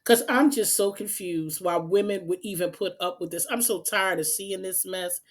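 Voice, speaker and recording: A woman's voice: lowish voice, normal speed. A woman hosts an unedited commentary vlog, talking straight to her viewers in an exasperated, emphatic and repetitive way. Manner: direct address to the audience. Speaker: channel host.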